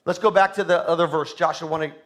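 A man's voice: on the high side, steady tone, fast talker. A man preaching a sermon as pastor, emphatic, repeating key phrases and calling on the congregation to respond.

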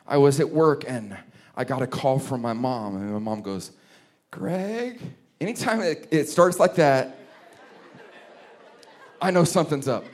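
A pastor preaching a sermon, telling a funny story in an animated way. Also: male voice, mid-range voice.

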